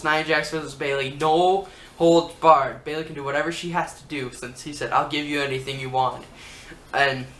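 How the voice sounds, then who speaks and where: A man rambling casually as a wrestling vlogger, pitching his own storyline ideas. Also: sharp tone. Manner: rambling, chatty, lots of fillers. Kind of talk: casual fan commentary. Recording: roomy room echo, faint hum.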